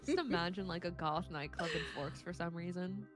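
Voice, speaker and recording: A woman's voice: fairly low pitch, fairly quick, music in the background. Giggly woman reading bad fanfic aloud. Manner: laughs through lines, exclaims and swears. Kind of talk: comedic read-aloud with commentary.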